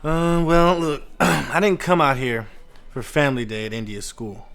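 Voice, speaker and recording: An actor playing a defensive, dismissive ex-husband. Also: male voice, mid-range voice, fairly even intonation, unhurried, a bit bright, smooth, faint music behind. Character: defensive ex-husband moving back, man, 30s.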